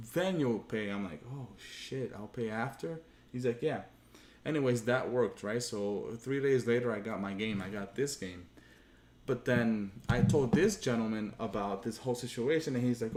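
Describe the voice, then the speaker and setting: In an echoey room at home, a gaming channel host rants on a livestream, his medium-pitched voice darkish and moderately paced. Frustrated and profane, he rambles through a casual story and acts out quoted dialogue.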